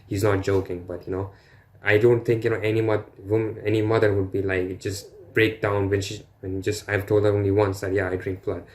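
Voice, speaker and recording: Guy reacting to a tv clip, lowish voice, rambly and loose, tons of "like" and "you know". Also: level tone, a little fast, a little hiss or hum. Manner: rambling, lots of fillers and crude asides. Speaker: reaction video host. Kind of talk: casual reaction commentary.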